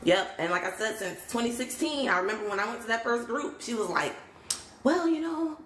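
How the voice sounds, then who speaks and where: A woman's voice: mid-range voice, fast, fairly bright tone, slight background noise. Woman live-streaming from her phone, chatty and laughing, echoey room. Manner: chatty, laughs often, greets viewers. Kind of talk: casual livestream chat. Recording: roomy echo.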